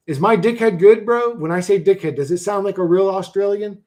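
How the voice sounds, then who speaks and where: His voice high and brisk, a man in his forties banters on a livestream in profane slang. He laughs often, alternating between mumbling and loud bursts.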